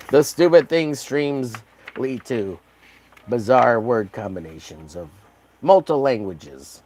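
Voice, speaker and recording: A man's voice: medium pitch, animated, normal speed, a little mellow. A man chatting casually on a livestream while painting, rambling and joking at his own expense. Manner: rambling, jokey, self-deprecating. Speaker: livestreaming artist.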